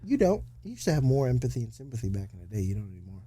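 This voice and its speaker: Fast-talking blunt, profane man. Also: mid-range voice, very animated, mellow. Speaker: podcast co-host. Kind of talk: casual banter.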